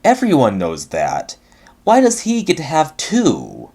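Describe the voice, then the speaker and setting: A man's voice: a little high, wildly swooping pitch, unhurried, voice pushed up, heavily acted. A man voicing a jealous, pompous male steam engine who complains in a huffy way. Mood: complaining.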